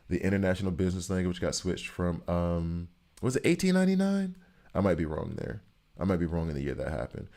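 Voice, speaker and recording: A man, a gaming streamer, chatting casually and ranting in an animated way, firing off rhetorical questions. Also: low voice. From United States. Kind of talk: casual chat while gaming.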